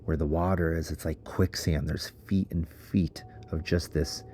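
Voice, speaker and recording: A man's voice: very deep voice, fairly even intonation, unhurried, warm tone, a little hiss or hum. A man casually narrating an adventure story in a chatty, giggly way, full of fillers. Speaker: underground explorer.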